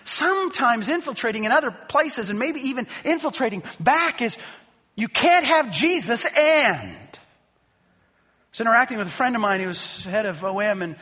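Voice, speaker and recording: A man's voice: extremely high pitch, animated, normal speed, sharp tone, husky. A man preaching a sermon as pastor, speaking emphatically and posing rhetorical questions to the congregation. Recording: long reverb of a large hall.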